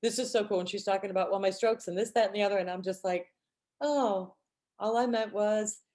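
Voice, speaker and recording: A woman's voice: steady tone, very fast, darkish tone. A woman and team director co-hosting a book club, chatting and acting out the people she quotes. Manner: chatty storyteller who acts out quotes with a raised pitch. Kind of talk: casual chat and reading aloud.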